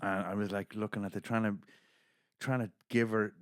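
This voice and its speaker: A middle-aged Irish man with a lowish voice spins a story in casual podcast chat, swearing and acting out the quotes. The sound is dry and close, with no room echo. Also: flat delivery, normal speed. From Ireland. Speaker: podcast host.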